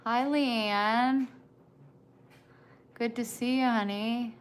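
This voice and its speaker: A woman's voice: on the high side, fairly even intonation, extremely slow, clear, resonant tone. A woman in her forties chatting casually on a livestream, greeting viewers and reading their comments aloud. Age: 40s. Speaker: livestream host.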